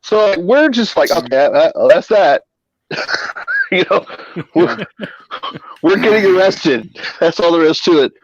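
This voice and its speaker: A man's voice: sits high, a little slow, pauses often, dry recording, dull audio. A man guest on a live stream, telling a wild anecdote with constant swearing. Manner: profane, animated anecdote telling. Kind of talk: casual storytelling on a live stream.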